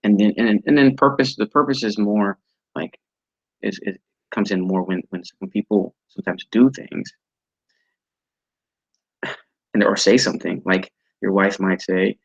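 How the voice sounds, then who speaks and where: A man teaching an online training class over a video call, halting and often repeating words as he restarts his sentences. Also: fairly low pitch, fairly even intonation, creaky, husky, dry recording, muffled recording. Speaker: instructor.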